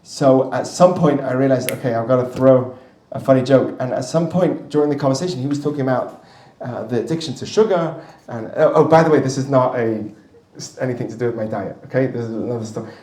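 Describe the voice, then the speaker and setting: A male rabbi teaching a class with a live audience, chatty and storytelling, with quick asides to the listeners. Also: medium pitch, warm tone. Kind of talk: lively classroom teaching with anecdotes. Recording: roomy distant mic in a hall.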